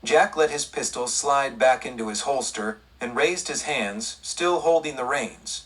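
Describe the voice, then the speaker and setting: A man narrating a western audiobook in a steady, even storytelling read. His voice is husky, of middling pitch, and recorded a little way back from the microphone. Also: unhurried, hardly any pauses, distant mic, low-quality recording. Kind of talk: scripted narration.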